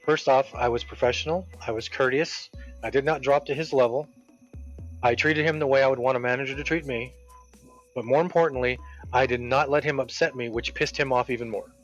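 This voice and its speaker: A man voicing a patient male store manager who speaks quietly and courteously. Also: mid-range voice, steady tone, brisk, natural voice. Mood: explaining. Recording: dull lo-fi with game music.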